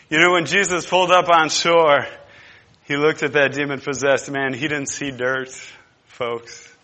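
A male preacher with a bright, fairly high voice delivers an impassioned sermon. He repeats lines for emphasis and swings from hushed near-whispers to strong, ringing statements. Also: in a large hall. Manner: repetitive, emphatic.

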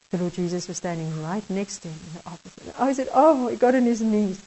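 A woman with a South African accent preaching a sermon as a story, halting and restarting often. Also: mid-range voice, animated, dark tone, poor audio.

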